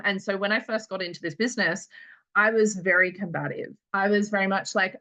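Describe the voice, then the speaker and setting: Team leader, female, bright crisp tone, chatty and fast, dull lo-fi recording. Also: mid-range voice, steady tone. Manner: chatty, quick, peppered with filler words. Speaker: network marketing team leader. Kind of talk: casual team meeting talk.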